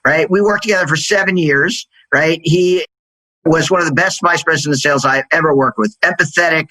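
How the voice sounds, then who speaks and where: This middle-aged man, a sales executive appearing as an interview guest, speaks briskly and tells lively stories. Quoted lines get performed in a higher, louder voice. The recording is rough but free of echo.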